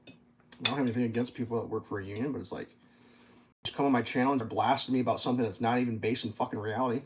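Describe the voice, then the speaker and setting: A man's voice: medium pitch, fairly even intonation, racing, slight background noise. A man hosting his own channel, ranting casually and rambling, swearing often and leaning on fillers. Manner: rambling and profane, with many fillers. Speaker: channel host. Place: at a breakfast table.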